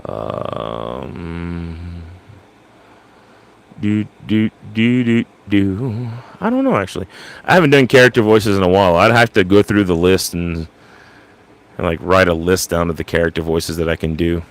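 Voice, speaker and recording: A man's voice: sits low, unhurried, vocal fry. A man casually chatting with his live viewers, rambling and joking at his own expense. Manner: self-deprecating, jokey, rambling. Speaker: livestream host.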